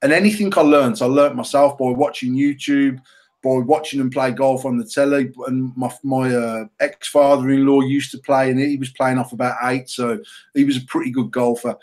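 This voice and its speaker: A man's voice: mid-range voice, moderate pace. Swearing British man telling stories. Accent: British English. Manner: heavy swearing, animated and self-mocking. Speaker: podcast co-host. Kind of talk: casual storytelling chat.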